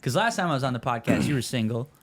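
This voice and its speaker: A young man, a comedian guest on a podcast, chatting casually and acting out bar stories with lively voices. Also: very fast, gravelly. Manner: animated storytelling, acts out bar pickup scenes in a higher voice.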